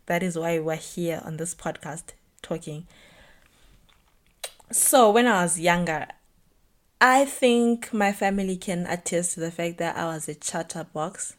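A woman's voice: fairly low pitch, measured pace. A young woman hosting a solo podcast, talking chattily and reflectively with lots of "like". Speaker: podcast host.

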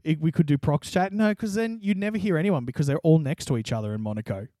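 A man's voice: on the high side, quick pace, dry recording, studio quality. A young man co-hosting a podcast, telling stories with lots of swearing and laughter. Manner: laughing, animated storytelling, swears freely. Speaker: podcast co-host. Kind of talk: casual chat.

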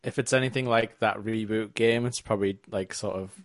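A man's voice: on the low side, fairly even intonation, fairly quick, dry recording, clean studio sound. A man in casual podcast chat who laughs often and throws in jokey asides.

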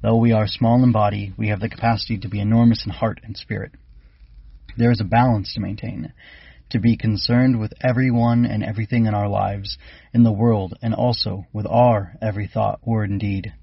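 A man's voice: lowish voice, flat delivery, vocal fry, slightly rough, no room sound, lo-fi sound. Een man speelt een wijze, gevleugelde insectenleraar met een lage, krakerige en wat hese stem, die zijn lessen afgemeten en onderwijzend brengt. De opname klinkt dof en droog, met weinig hoogte. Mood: instructive. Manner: measured, instructive. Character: wise winged bug teacher, calm. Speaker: keeper instructing cadets.

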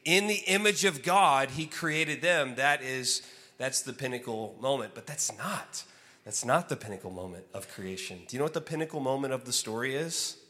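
Speaking at a normal speed and medium pitch, this male guest speaker animatedly acts out a personal story in his sermon, shouting the quotes aloud. He then eases into quieter, hushed reflection as he teaches. The recording carries the long echo of a big church hall.

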